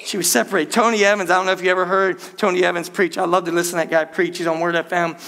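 Middle-aged preacher, man, bright and high-pitched, lively narrative sermon style. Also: very fast. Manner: animated storytelling, addresses congregation as "church". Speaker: pastor.

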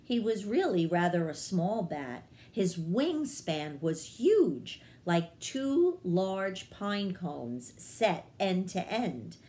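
A woman reading a children's book aloud in a calm, measured manner. Her voice sits low for a woman and moves at an unhurried, deliberate pace. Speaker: children's librarian. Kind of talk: children's read-aloud narration.

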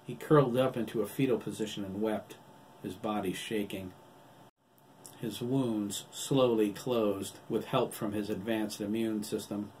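Low-voiced man narrating an audiobook. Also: darkish tone, slight background noise. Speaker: author reading his novel.

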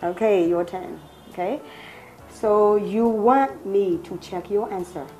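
A woman's voice: medium pitch, slow pace, mellow, echoey room, dull audio. Woman teacher drilling classroom English. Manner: drills phrases and praises answers.

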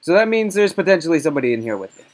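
A jokey man chats as he plays a horror game, rambling from one aside to the next. His pitch jumps around a lot, and he mutters when he gets uneasy. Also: very animated, racing. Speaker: game player. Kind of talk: casual let's-play chat.

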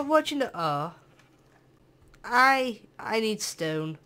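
Teen voice, British accent, gameplay commentary, jokey, sing-song, excitable yelps, mid pitch. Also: takes it slowly, clear, resonant tone. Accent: British English. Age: teens. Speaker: gameplay channel host. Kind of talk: let's-play gameplay commentary.

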